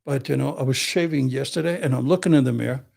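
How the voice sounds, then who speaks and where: A man's voice: mid-range voice, quick pace, gravelly, a little mellow. An older man, a criminal defense attorney, telling blunt, profane tough-guy stories in casual chat with acted quotes. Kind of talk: casual storytelling.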